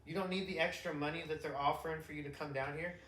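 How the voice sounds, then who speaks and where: Profane, animated middle-aged man in echoey room. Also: a little high, fast. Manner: profane, animated storytelling with shouted impressions. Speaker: podcast co-host, father. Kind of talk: casual chat.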